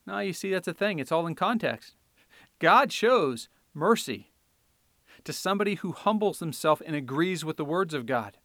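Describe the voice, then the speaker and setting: High bright-voiced guy preaching hard, gets loud and fiery on the scripture bits, dry close sound. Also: lively intonation, normal speed, dry recording. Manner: fiery, rising to loud declamation when reading scripture. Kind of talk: sermon.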